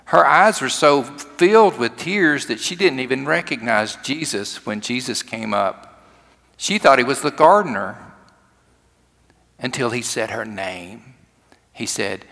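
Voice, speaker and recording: Male pastor, gravelly, folksy sermon storyteller, church reverb. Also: mid-range voice, lively intonation, unhurried. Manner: folksy storytelling, shifts from loud to hushed.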